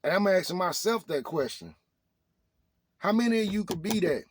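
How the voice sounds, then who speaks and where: A man's voice: sits high, lively intonation, normal speed, slight background noise. A man delivering a motivational rant to his viewers, hammering the same rhetorical questions again and again in slangy speech. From Arkansas. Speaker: vlogger.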